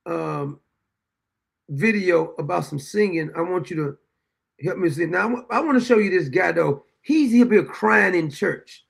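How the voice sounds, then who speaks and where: A man hosts his own show and reacts to a courtroom video with indignant, profane commentary. He rambles and restarts, his voice high-pitched and gravelly throughout. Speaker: show host.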